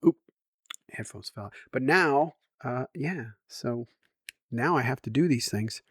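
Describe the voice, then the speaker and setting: A man's voice: medium pitch, lively intonation, measured pace, a bit bright, husky, no room sound, clean studio sound. A middle-aged man talking to camera at home in a rambling, self-mocking way and laughing often. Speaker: vlogger. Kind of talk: rambling casual vlog.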